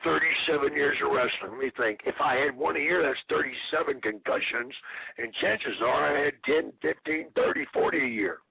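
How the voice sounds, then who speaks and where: A man in his fifties, a retired wrestler, giving a rambling, profane interview full of deadpan jokes. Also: on the high side, normal speed, no room sound. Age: 50s. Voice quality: gravelly, raspy. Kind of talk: casual phone interview. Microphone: phone. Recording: tinny phone line.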